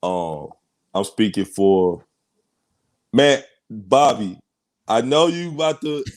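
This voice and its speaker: A man's voice: lowish voice, very animated, slow pace. Emotional, earnest man holding back tears. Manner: emotional, earnest, repeats "man" and restarts often. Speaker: co-host. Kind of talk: heartfelt closing remarks on a sports show.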